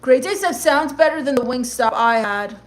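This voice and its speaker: A woman's voice: sits high, expressive, moderate pace, a little hiss or hum. A woman streamer reading chat comments aloud and answering them in a sarcastic, gloomy mock-goth rant. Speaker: livestream comedian reading chat. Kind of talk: comedic livestream chat reading.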